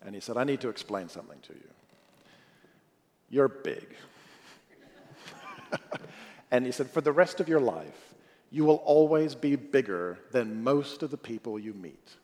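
A man preaching a sermon through a personal story, animated, moving between loud bursts and hushed, quiet lines. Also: mid-range voice, unhurried, long pauses. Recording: long hall reverb.

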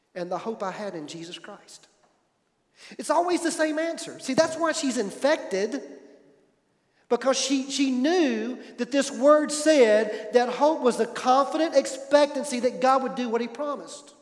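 A man preaching a sermon, telling a personal story, swinging from loud emphatic stretches to hushed ones. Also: very high-pitched, reverberant, big-room sound. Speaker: pastor.

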